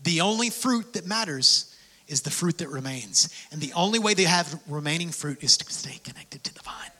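A man preaching a sermon, dropping to whispers and rising to shouts, acting out prayers in dialogue. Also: a little high, animated, normal speed. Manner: swings from hushed whispers to shouted passion; acts out prayers and quotes in dialogue.

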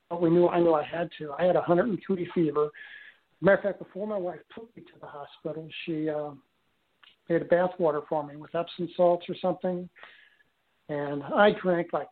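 A man telling a long personal story in a casual, rambling way, full of fillers and restarts. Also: a little high. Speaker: guest telling his story. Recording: tinny phone line.

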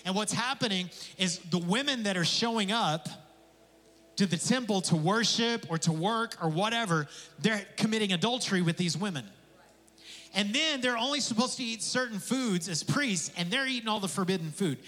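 A man preaching a sermon as pastor, conversational and animated, with casual asides and jokes. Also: sits high, normal speed. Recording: long hall reverb.

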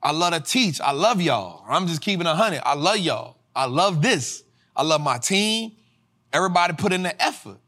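A male host teaching personal finance to a live audience in a casual, slang-filled way, swinging into sermon-like, sung-out shouts. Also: a little high, lively intonation, normal speed. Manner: preacher-like cadence, rising to shouts. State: tired after a flight. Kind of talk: motivational livestream teaching.

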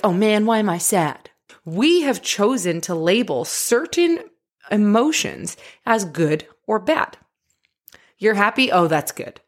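A woman life coach giving a motivational talk in an animated way, laughing often. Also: medium pitch.

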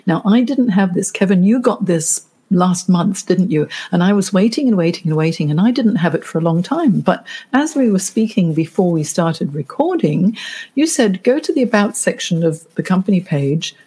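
A woman career coach chatting on a live stream, telling stories and lively when quoting people. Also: on the low side, moderate pace, slightly rough. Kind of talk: casual live-stream chat.

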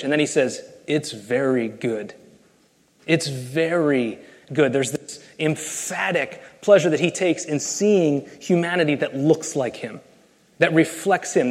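A pastor giving an emphatic, earnest sermon and reading scripture aloud. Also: male voice, on the high side, darkish tone, big-room sound. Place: church sanctuary.

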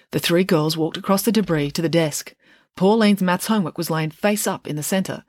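A woman author reading her own children's book aloud in an expressive storyteller manner. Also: fairly low pitch, normal speed, dry recording, clean studio sound. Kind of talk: audiobook narration.

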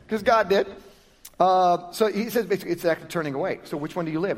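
A male pastor giving a sermon in a conversational, lively style, often restarting phrases as he explains. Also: sits high, fairly quick. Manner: conversational, lively, self-correcting preaching. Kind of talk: sermon with prayer and Bible teaching.

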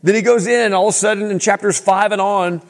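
Male pastor, laid-back animated sermon delivery, reverberant hall. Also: high voice, fast talker. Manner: casual and animated, with slang and restarts.

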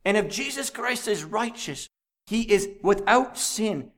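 A man preaching an evangelistic sermon at an evening meeting, fervent, swinging from loud declarations to hushed lines, with rhetorical questions and repetition. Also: high voice, animated, a little slow.

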